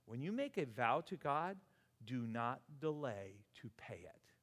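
An older male pastor preaching in his sixties, lively and exclamatory, chuckling as he drives his points home. His mid-pitched voice rolls out into a church sanctuary with a long hall reverb trailing each phrase. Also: unhurried. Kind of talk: sermon.

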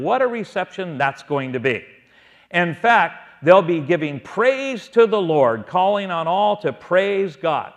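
Man teaching a Bible study. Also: sits high. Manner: asks the audience questions and answers them, stretching key words.

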